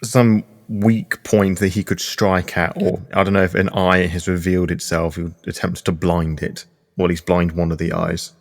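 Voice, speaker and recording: Deep-voiced man thinking aloud. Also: level tone, normal speed, gravelly. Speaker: player. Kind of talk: tabletop game play.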